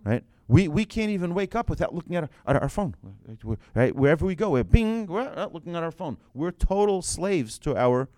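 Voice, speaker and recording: A man giving an animated religious lesson to a group, asking rhetorical questions and telling anecdotes. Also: fairly high pitch, fairly quick, few pauses, no room sound, studio quality.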